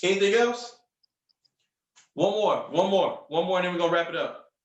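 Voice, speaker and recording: Upbeat male sales coach, high voice, punchy delivery with lots of repetition, recorded off-mic in a roomy space. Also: normal speed, distant mic. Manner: upbeat, punchy, repeats phrases for emphasis. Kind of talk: motivational coaching on a group call.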